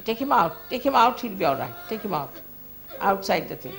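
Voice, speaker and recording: A woman's voice: medium pitch, big pitch swings, fairly quick, vocal fry, noisy background. A woman giving an informal spiritual talk as a teacher, conversational and firm, chiding at times and often laughing.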